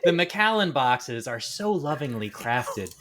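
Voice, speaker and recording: A man co-hosting a casual podcast, excitable and teasing, slipping into mimicry of his friends as he talks. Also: mid-range voice, measured pace. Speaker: podcast co-host, furniture maker.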